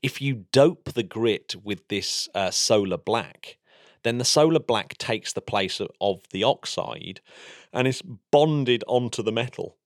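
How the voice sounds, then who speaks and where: An English man with a lowish voice, chatting eagerly as a podcast co-host about spacecraft and the sun. The recording is dry and close, with no room sound. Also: lively intonation, measured pace, no room sound. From England. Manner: enthusiastic, explanatory. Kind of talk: casual science chat.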